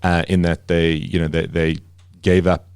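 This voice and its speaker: Deep-voiced man, rambling guest. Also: level tone, normal speed, a little mellow, clean tone, no echo, clean studio sound. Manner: rambling, many fillers and restarts. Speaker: media company CEO, guest. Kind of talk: casual interview talk.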